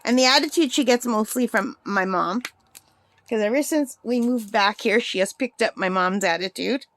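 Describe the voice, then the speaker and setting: Woman, middle-aged, craft vlogger, casual chat, rambling, laughs a lot, slightly high pitch. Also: moderate pace, fairly bright tone, a little hiss or hum. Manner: rambling, chatty, laughs often. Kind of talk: casual chatty crafting vlog.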